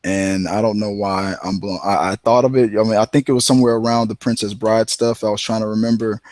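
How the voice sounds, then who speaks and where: A man co-hosting a casual movie talk show, rambling and retelling scenes with animated quoted voices. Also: on the low side, a little fast, no room sound. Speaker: podcast co-host.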